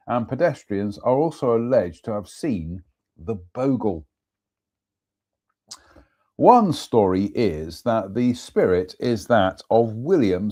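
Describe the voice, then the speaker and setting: A man's voice: mid-range voice, darkish tone. A man hosting a live stream, reading ghost stories aloud and chatting with self-mocking asides.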